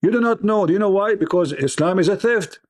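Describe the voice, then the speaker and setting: A man's voice: sits high, fast talker, crowd noise. A man who grew up in the Arab world, a native Arabic speaker, hosting a heated debate, insistent, repeating his questions and cutting in. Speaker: debate host.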